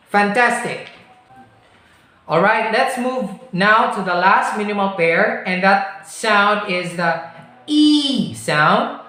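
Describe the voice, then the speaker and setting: A woman with a Filipino accent teaching English pronunciation, modelling each word deliberately in repeat-after-me drills and addressing the class. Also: mid-range voice, fairly bright tone. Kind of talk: online speech lesson with repeat-after-me drills. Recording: very echoey room.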